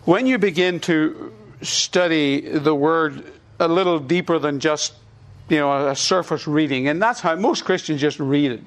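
A man's voice: fairly high pitch, a little slow. A man preaching a sermon in a conversational teaching manner, repeating his points for emphasis.

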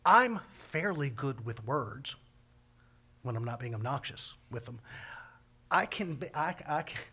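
A man's voice: medium pitch, lively intonation, a little slow, sharp tone, breathy edge. A man preaching a sermon as pastor, talking in a folksy, conversational way with homespun phrases.

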